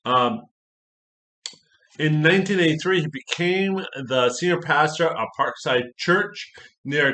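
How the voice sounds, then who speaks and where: A pastor doing a casual book review, rambling and enthusiastic, with many fillers and self-corrections. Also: male voice, on the high side, fairly bright tone. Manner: enthusiastic, repeats praise.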